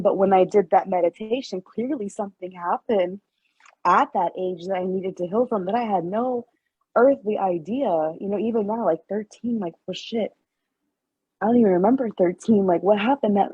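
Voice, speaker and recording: A woman who is a healer sharing in a group class, in a halting, emotional way with many fillers. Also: mid-range voice, husky, dry recording. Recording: dull, dry lo-fi sound.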